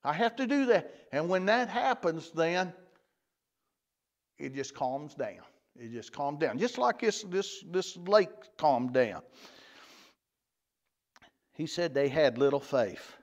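A man's voice: a little high, expressive, takes it slowly, long pauses. A man teaching a Bible lesson in a folksy way, often repeating and restarting phrases. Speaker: church teacher. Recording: dull lo-fi church recording.

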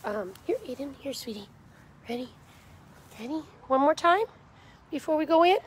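A woman's voice: high voice, animated, normal speed, slight background noise. A woman on a live stream in a backyard, talking to dogs in coaxing baby talk, calling and cheering them on. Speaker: dog rescue volunteer. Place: backyard outdoors.

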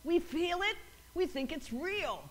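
A woman pastor delivering a lively sermon in a high voice. Her pitch rises and falls sharply as she repeats key lines and acts out quoted voices. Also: unhurried. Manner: call-and-response preaching, rising to emphatic repeats.

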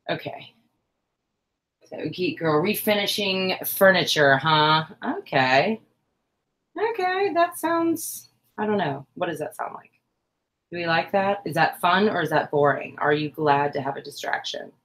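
A woman's voice: lowish voice, lively intonation, a little slow, long pauses, fairly bright tone. A woman hosting a casual crafting livestream who chats with viewers, counts stitches aloud and jokes about her own mistakes. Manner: self-deprecating, chatty, counts stitches aloud.

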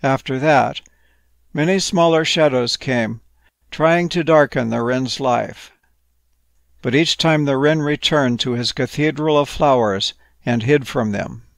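A man gently narrating a playful, whimsical bedtime story. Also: mid-range voice, measured pace, creaky, no echo.

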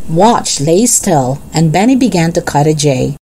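A woman reading a children's chapter book aloud in a gentle, expressive way. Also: sits low, unhurried, breathy edge. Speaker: narrator.

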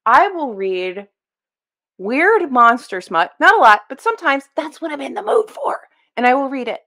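Young woman, slightly high voice, exasperated and emphatic reaction vlogger. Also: sing-song, moderate pace, sharp tone. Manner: exasperated, emphatic, swears and laughs. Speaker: book video creator reacting to a clip. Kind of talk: casual reaction commentary.

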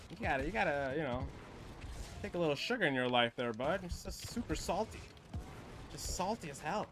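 Young guy streaming a shooter, hypes and laughs and trash-talks, kinda high voice, faint hiss behind him. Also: moderate pace, pauses often. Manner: excitable, trash-talking, laughs a lot. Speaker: game streamer. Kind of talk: live gameplay commentary.

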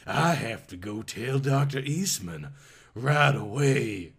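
A man putting on a breathy southern-belle nurse. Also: medium pitch, expressive, slow, heavily acted. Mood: sultry. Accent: Southern US (put on).

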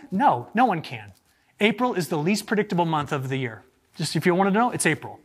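Speaking with a high, breathy-edged voice at a slightly fast clip, this male agricultural meteorologist keeps his slide talk to farmers playful and lively. He poses rhetorical questions to the crowd as he goes.

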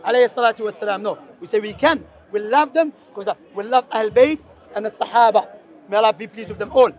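High-voiced man preaching outdoors in a debate. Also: quick pace, a faint crowd. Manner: earnest, animated and persuasive, sprinkled with Arabic phrases. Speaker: street preacher. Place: busy outdoor public space.

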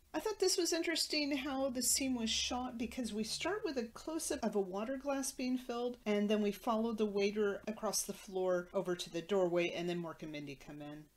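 A woman podcast host recapping a TV episode in a matter-of-fact way with wry asides. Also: mid-range voice.

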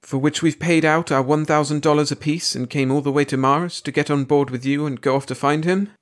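A woman's voice: low-pitched, steady tone, brisk, pitched above the performer's own voice, natural voice. A man voicing a small, fierce old woman who is indignant and insistent. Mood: appalled.

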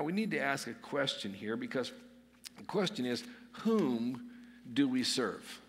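Preaching man in a reverberant church. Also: mid-range voice. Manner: earnest, emphatic preaching with dramatic dips and swells. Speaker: pastor. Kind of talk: sermon. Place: church sanctuary. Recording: long reverb of a church hall.

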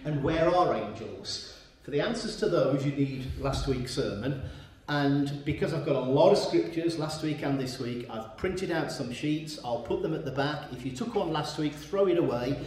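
A man's voice: on the high side, lively intonation, normal speed, hardly any pauses, darkish tone. A man preaching a sermon in a church and reading from the Bible, emphatic and repeating his key points. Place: church hall. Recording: very echoey room.

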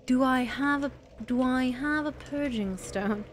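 A woman's voice: sits high, measured pace, a little hiss or hum. A woman streamer chatting to her viewers as she plays, shrieking when enemies jump out. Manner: talks to viewers in chat. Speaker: game streamer. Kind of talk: live gameplay commentary.

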